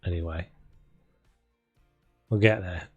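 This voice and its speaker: A man's voice: deep voice, steady tone, slow pace, husky, muffled recording. A young man streaming a renovation game, chatting loosely with his viewers and laughing as he goes. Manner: rambling, chatty, talks to chat and laughs often. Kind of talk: casual gameplay commentary. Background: faint game music.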